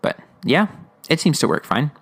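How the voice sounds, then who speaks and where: A man's voice: on the high side, animated, moderate pace, a bit bright, slightly rough. Male podcast host, loose rambling recap, frequent um and like. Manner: rambling, laughing, many fillers. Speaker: podcast host reviewing episodes. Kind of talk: casual episode discussion.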